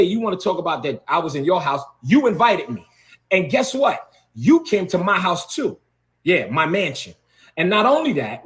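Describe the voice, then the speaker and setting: High, animated man ranting confrontationally. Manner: confrontational, repeats words for emphasis. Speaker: bishop. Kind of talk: heated video rant.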